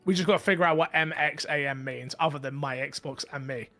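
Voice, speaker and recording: A man hosting a casual gaming podcast, talking in a rambling, animated way with many restarts. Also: fairly high pitch, fairly quick, faint music behind. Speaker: podcast host. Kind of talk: casual group chat.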